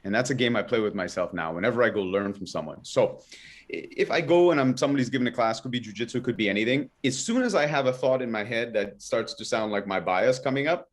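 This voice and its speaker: A man, a guest on a podcast, telling stories in a relaxed, chatty way and acting out his own thoughts in quoted asides. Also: mid-range voice, fast. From Canada. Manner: animated, acts out his own inner voice. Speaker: podcast guest, kettlebell coach. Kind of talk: casual interview storytelling.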